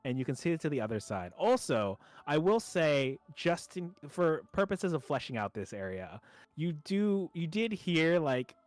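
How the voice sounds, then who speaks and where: Young male DM, animated, wandering delivery, dry close mic. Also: a little high, normal speed, no echo. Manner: rambling, with many fillers and restarts. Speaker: dungeon master. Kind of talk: narrating a tabletop game.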